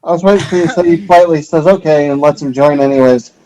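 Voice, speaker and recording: A man's voice: on the high side, racing, warm tone, poor audio. A man co-hosting a comedy podcast, announcing segments in a mock-formal tone. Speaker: podcast co-host. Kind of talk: crude comedic banter.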